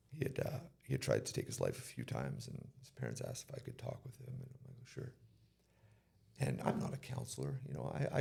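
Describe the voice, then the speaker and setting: An interview guest tells a personal story, recounting past conversations in casual quoted speech. His voice is very deep, gravelly, and mellow.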